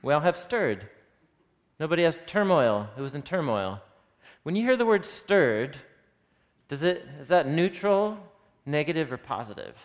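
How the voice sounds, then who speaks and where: Animated man teaching a Bible class. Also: a little high, moderate pace, pauses often. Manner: animated, asks the audience questions. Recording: long reverb of a hall.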